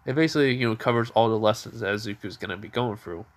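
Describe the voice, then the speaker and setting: A man's voice: lowish voice, fast. A man improvising a fan story aloud, rambling, with many restarts and fillers. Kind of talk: improvised fan-fiction narration.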